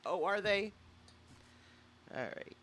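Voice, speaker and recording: A woman's voice: mid-range voice, lively intonation, takes it slowly, a bit bright, no echo. A woman hosting live reaction commentary, making blunt, skeptical remarks and greeting her chat. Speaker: commentary streamer reacting to a clip.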